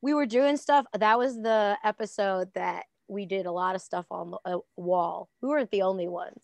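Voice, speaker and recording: A woman with a gravelly, fry-laced voice, recorded close and dry with no room sound. She chats as a podcast guest, giggling often and acting out what other people said as she tells stories. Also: mid-range voice, moderate pace, no echo. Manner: giggly, animated storyteller acting out quotes. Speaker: guest, professional wrestler. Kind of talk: casual podcast chat.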